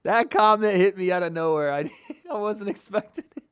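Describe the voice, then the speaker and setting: A man's voice: high voice, normal speed, smooth, lo-fi sound. A man hosting a casual livestream watch party, reading chat comments aloud and joking and trash-talking with lots of laughter. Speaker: livestream host.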